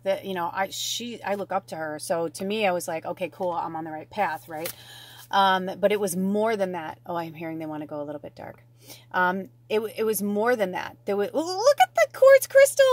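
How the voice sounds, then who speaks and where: A woman giving a casual spiritual card reading, chatty and gushing, thinking aloud and swearing now and then. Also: medium pitch. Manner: thinks aloud, with many fillers and restarts. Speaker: tarot and oracle card reader.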